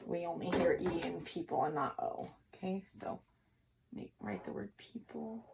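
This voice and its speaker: A woman teacher giving a recorded writing lesson to young children, speaking slowly and encouragingly and sounding out syllables. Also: fairly low pitch, vocal fry, background noise. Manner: slow, encouraging, sounding out words for kids.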